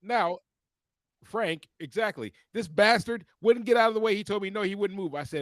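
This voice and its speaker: A man co-hosting a podcast, telling a profane story as an animated, cussing rant. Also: high-pitched, normal speed, no room sound, studio quality. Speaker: podcast co-host.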